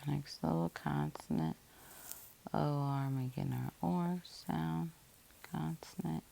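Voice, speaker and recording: A woman's voice: low voice, animated, slow pace, creaky, warm tone. A woman teacher giving a patient, methodical phonics lesson, breaking words into syllables and spelling them out letter by letter.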